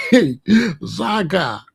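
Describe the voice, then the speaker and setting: A man in his sixties hosting a livestream, chatting casually to his live chat in a slow, repetitive, drawling way. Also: high voice, gravelly, slightly rough. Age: 60s. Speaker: livestream host.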